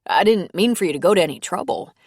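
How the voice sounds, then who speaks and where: A woman's voice: fairly low pitch, animated, fast, a little mellow, breathy edge, no room sound, studio quality. A woman reading the lines of an eager, friendly middle-aged man who invites a guest over, in an audiobook.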